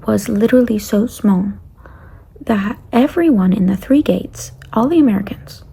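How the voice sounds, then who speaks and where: A young woman vlogger telling a casual travel story, rambling along and often dropping to a breathy near-whisper. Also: medium pitch, lively intonation, moderate pace, dark tone.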